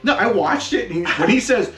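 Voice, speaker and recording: A relaxed man co-hosts a casual podcast chat, filling his talk with likes and ums and laughing easily. His voice is slightly high. The room is echoey, with faint music underneath. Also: fairly quick. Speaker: podcast co-host.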